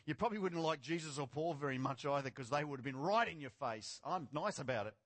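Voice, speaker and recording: A male preacher with a high, wildly swinging voice delivers a heated sermon. He surges into near-shouts, then drops to dry, sarcastic asides. He is picked up by a small mic close to his chin in a church hall. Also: animated, fast talker. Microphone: clip-on or headset mic near the chin.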